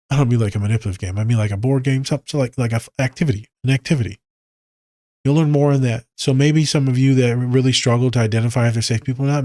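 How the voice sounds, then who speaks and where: A man hosting a podcast, giving blunt, profane advice and telling animated stories in a casual monologue. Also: mid-range voice, dry recording, studio quality. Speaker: podcast host.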